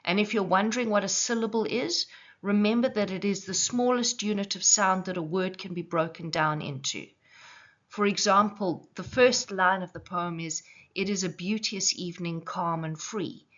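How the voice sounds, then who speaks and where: A woman teaching a poetry lesson, explaining clearly and slowing down to stress syllables. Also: medium pitch, fairly bright tone, highs cut off.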